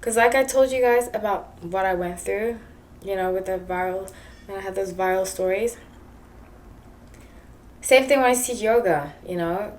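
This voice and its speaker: A woman with a South African English accent speaks at a medium pitch and normal speed, her voice a little mellow, with long pauses. She's a tarot reader giving a casual, rambling monologue, chatty and laughing often.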